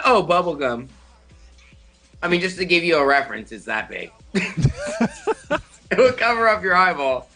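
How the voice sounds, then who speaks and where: A man's voice: a little high, expressive, moderate pace, creaky, pauses often, pushed and bright, faint music behind. A man hosting a live-stream show, chatting casually, laid-back and profane, laughing often. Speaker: host.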